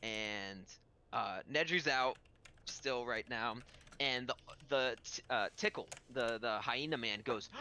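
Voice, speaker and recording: Game master guy rambling thru the scene, bright voice, lots of likes and ums. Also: medium pitch, slow, clean tone. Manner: rambling, filler-heavy, animated. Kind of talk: narrating a tabletop game.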